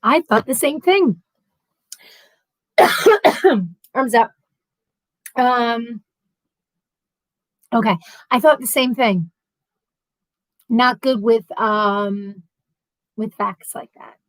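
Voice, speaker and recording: A middle-aged woman hosts a casual livestream, chatting animatedly as she reads out viewer comments. Her voice sits on the higher side, and the sound is dry and close with little room echo. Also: drawn-out words, pauses often. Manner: chatty and animated, laughs often.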